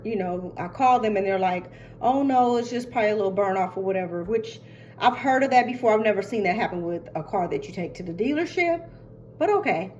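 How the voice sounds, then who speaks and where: An older woman casually telling a long story, chatty and animated, acting out what others said. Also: mid-range voice, slight background noise. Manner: chatty, animated retelling with quoted voices.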